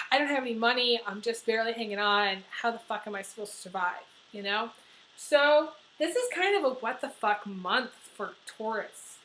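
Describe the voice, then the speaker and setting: A middle-aged woman giving a casual tarot reading, blunt and chatty, swearing freely and filling pauses with "you know". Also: a little high, bright, forceful tone, low-quality recording. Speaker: tarot reader.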